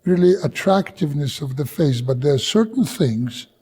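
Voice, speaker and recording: A man's voice: a little high, expressive, moderate pace, warm tone, husky. A man with a Russian accent, a film director whose first language is Russian, recalling work on a film in an interview and often stopping to search for words. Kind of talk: interview reminiscence.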